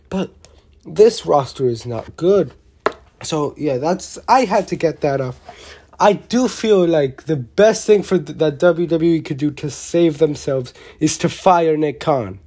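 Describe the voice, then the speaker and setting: A vlogger giving a casual, opinionated wrestling show review, rambling and excitable, often restarting sentences and swearing mildly. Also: mid-range voice, unhurried. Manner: blunt, with mild swearing.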